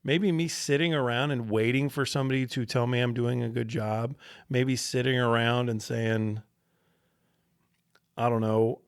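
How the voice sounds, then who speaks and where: A man's voice: mid-range voice, moderate pace, clear, resonant tone, no echo. Dude on his podcast telling a story from when he was a kid, swears a lot, totally casual, dry close sound. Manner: casual, profane, animated storyteller. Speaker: podcast host. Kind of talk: personal storytelling.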